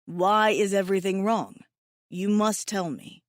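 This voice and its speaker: A woman's voice: medium pitch, steady tone, unhurried, no echo, clean studio sound, close to an everyday voice. A woman voicing a big, stern, protective male alien warrior who speaks in terse, formal sentences without contractions. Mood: stern concern.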